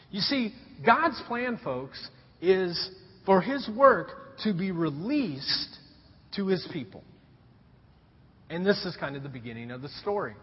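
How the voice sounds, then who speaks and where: Animated preacher in an echoing hall. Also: male voice, fairly high pitch, a little slow, husky. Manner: animated storytelling with rhetorical questions. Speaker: pastor. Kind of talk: sermon. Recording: dull recording in a reverberant hall.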